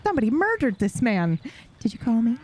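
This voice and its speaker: A woman's voice: fairly high pitch, very animated, a little fast, a little mellow, a little hiss or hum. A woman streamer chatting casually with her live audience while playing a game, swearing freely and laughing often.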